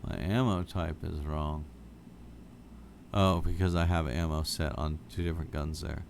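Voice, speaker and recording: Deep-voiced, sleepy man streaming a game. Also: a little slow, vocal fry, a little hiss or hum. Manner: relaxed, rambling, sleepy with frequent yawns. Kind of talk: casual chat with viewers while playing. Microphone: studio microphone with wired headphones.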